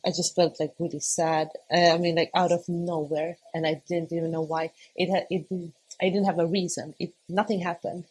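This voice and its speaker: A young woman, a podcast guest, talking casually and hesitantly, often searching for words and laughing softly between thoughts. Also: on the low side, flat delivery, normal speed, hardly any pauses. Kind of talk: casual conversation.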